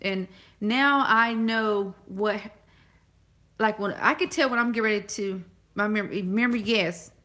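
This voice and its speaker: A woman in her forties chatting casually to a live audience, talking fast and often pausing to find her words. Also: medium pitch, sharp tone. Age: 40s. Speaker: vlogger.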